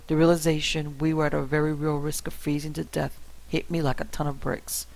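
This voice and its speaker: Guy reading a spooky story, super raspy fry, flat steady delivery. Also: fairly high pitch, fairly quick, low-quality recording. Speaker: story narrator. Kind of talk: scripted horror narration.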